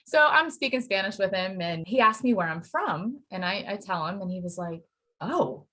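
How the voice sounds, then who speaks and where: A woman from Pennsylvania, a Spanish teacher, chatting as a podcast guest and telling lively stories with quoted voices. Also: mid-range voice, brisk. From Pennsylvania, USA. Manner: animated storytelling with acted quotes and laughter. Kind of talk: casual interview chat.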